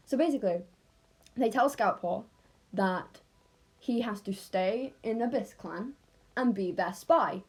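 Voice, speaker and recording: A woman with an English accent talks through a story she has made up, without a script. She rambles and often stops to correct herself. Her pitch and pace stay at an everyday, middle level. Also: animated, unhurried, long pauses, breathy edge. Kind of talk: unscripted casual storytelling.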